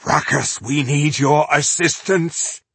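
A man voicing a gruff, battle-hungry male dwarf warrior who growls and bellows his taunts. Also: medium pitch, very slow, sharp tone, dry recording, full character voice. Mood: urgent.

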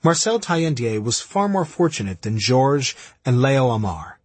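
An audiobook narrator reads a scripted wartime history in a grave, measured manner, his middle-pitched voice very husky and breathy yet lively in intonation. The recording is dry and dead-sounding, captured close on the mic.

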